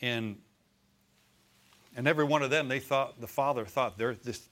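A man's voice: mid-range voice, normal speed, a bit bright. A male pastor preaching a sermon in a conversational way, often turning to the congregation with questions. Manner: acts out voices in quotes.

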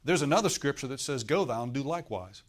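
A man's voice: mid-range voice, lively intonation, quick pace. Conversational preaching man, talks to the crowd. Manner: conversational preaching, rhetorical questions to the congregation. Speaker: pastor. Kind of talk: sermon.

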